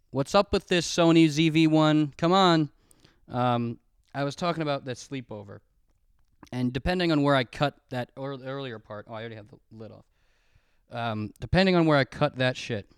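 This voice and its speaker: A man's voice: medium pitch, smooth, no echo, studio quality. Rambling, profane young man telling a story. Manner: rambling, profane, self-mocking, laughs often. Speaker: podcast host. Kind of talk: casual storytelling monologue. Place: home room, recorded on camera. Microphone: camera mic.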